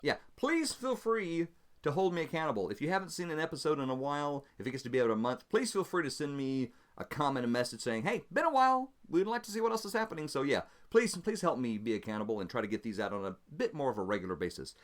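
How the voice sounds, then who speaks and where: A man narrates his own solo tabletop game in a relaxed, chatty way. His voice swings widely in pitch as he tells the story, with easy laughter along the way. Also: fast. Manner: chatty, animated, laughs easily. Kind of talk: casual narration of a solo role-playing game.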